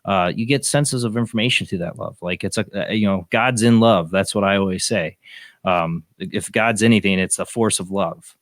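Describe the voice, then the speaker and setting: A man's voice: low-pitched, moderate pace, no echo, clean studio sound. A man hosting a podcast interview, talking earnestly and repeating words as he stumbles. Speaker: podcast host. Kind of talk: casual interview chat.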